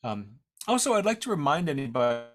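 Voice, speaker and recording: A man's voice: a little high, very animated. A man teaching his tribe's language in an online presentation. He talks casually and jokes about himself, and he often stops and starts over. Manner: casual, self-deprecating, halting with restarts. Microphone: video call. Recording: unstable internet connection, audio drops out.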